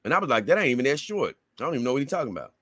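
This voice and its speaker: Bright-voiced man chatting on a livestream. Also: medium pitch, sing-song, very fast, dry recording, clean studio sound. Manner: rambling, slangy, talks straight to viewers. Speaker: livestream host reading viewer comments. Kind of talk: casual livestream chat.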